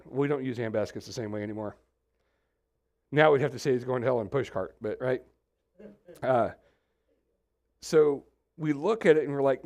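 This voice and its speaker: A man's voice: fairly high pitch, normal speed, a little mellow. A man from Texas, preaching a sermon as pastor and wandering into joking asides.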